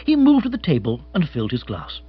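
A man reading a comic novel aloud as audiobook narrator, in an expressive, animated way. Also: a little high, a little fast, slightly rough, lo-fi sound.

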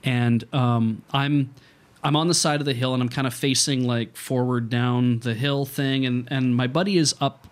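A man casually telling a childhood story on a podcast, acting out the voices of people in it and laughing often. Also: mid-range voice. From Canada.

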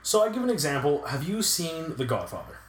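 A man's voice: on the high side, big pitch swings, fairly quick. A young man co-hosting a podcast in a chatty, agreeable, playful way. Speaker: podcast co-host. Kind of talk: casual chat. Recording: echoey room.

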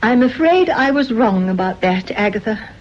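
An actress playing a gentle, self-effacing woman in a vintage radio drama, speaking softly and apologetically. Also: fairly high pitch, expressive, moderate pace. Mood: resigned. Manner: soft, apologetic, resigned. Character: meek, self-effacing spinster, gentle and resigned. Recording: dull lo-fi old radio recording.

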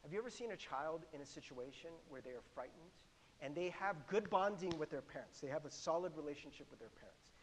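A middle-aged male pastor preaches with a notably high, lively voice, chatty and animated, often laughing and asking his listeners questions. His words ring out with a long reverb, as if in a large hall. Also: fast talker, slight background noise. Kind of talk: sermon.

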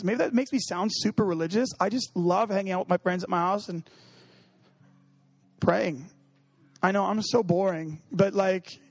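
A man's voice: sits high, vocal fry, husky, no echo. A man giving a casual, humorous sermon, talking conversationally and acting out little dialogues. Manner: humorous, acts out quoted dialogue; conversational, many fillers like 'you know what I mean'. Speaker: preacher.

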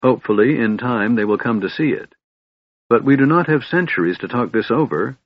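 A man voicing a wise older cleric who speaks gently but firmly, in a fatherly way, read from an audiobook. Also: mid-range voice, expressive, fairly quick, husky, no echo. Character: wise older male cleric, calm and firm. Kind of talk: audiobook reading. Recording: dull dry recording.

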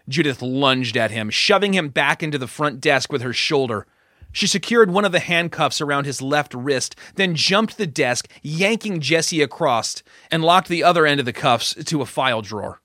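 Bright, dry male audiobook narrator. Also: medium pitch, no room sound.

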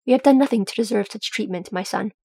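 Woman doing a dwarf mother, level, measured, husky. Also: mid-range voice, mellow, dry recording, clean studio sound. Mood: calm. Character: steady, patient dwarf mother.

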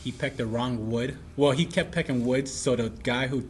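A man's voice: mid-range voice, normal speed. Man explaining plots over faint noise. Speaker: podcast co-host. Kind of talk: casual chat among friends.

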